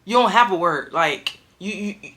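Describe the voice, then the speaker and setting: A young adult woman telling a prison story to camera in emphatic, slangy speech, acting out quotes with big leaps in pitch. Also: lively intonation, moderate pace, sharp tone.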